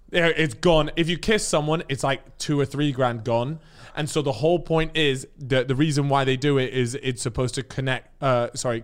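Man, casual podcast chat, animated slangy storytelling, mid-pitched voice.

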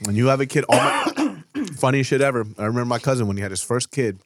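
A man's voice: mid-range voice, lively intonation, fast talker, no room sound, clean studio sound. A man chatting casually, telling a story with swearing and laughter. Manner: laid-back, profane, laughing storyteller. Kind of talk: casual chat while eating.

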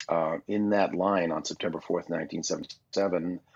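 A man's voice: sits low, fairly even intonation, fairly quick, husky. A man in his sixties from Canada, a voice actor and guest on a podcast, telling rambling, self-deprecating stories about his past. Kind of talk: casual podcast interview. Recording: dull lo-fi recording.

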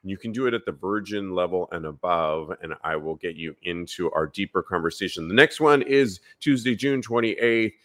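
Man, podcast host, upbeat, bright tone, lowish voice. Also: normal speed, hardly any pauses. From San Francisco. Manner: upbeat, reads listener emails and announcements. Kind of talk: live podcast chat.

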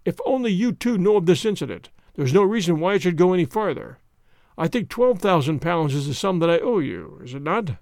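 A man's voice: high voice, big pitch swings, fairly quick, a little mellow, no echo, studio quality. A man voicing a stately, proud older nobleman who is curt and commanding. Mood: subdued.

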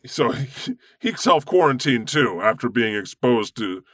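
A man hosting a comedy podcast as God, irreverent and boastful, swearing freely and cracking deadpan jokes. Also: medium pitch, measured pace, slightly rough, no room sound, studio quality. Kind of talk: improvised comedy chat in character.

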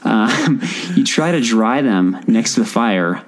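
A man's voice: medium pitch, animated, takes it slowly, low-quality recording. A young man co-hosts a podcast in loose, casual chat. He teases his friend and breaks into laughter often. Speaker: podcast co-host.

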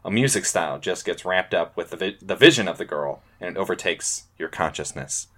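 Male podcast host, very low voice, relaxed and rambling, thirties. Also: fairly quick. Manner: laid-back, trails off with fillers. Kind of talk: casual chat.

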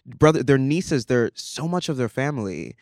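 Animated man telling a story, dry sound. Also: medium pitch, moderate pace, no echo. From United States. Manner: animated storyteller, acts out quoted voices. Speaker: podcast guest, actor and musician. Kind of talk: casual chat.

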